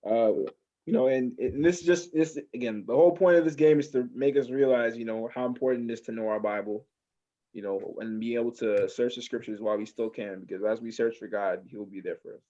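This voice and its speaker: A man with a mid-range voice hosts a casual online game night. He speaks in relaxed, slangy banter over a video call. The sound comes through dull and lo-fi. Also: medium pitch, fairly quick. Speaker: game host. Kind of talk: casual game-night chat and closing remarks.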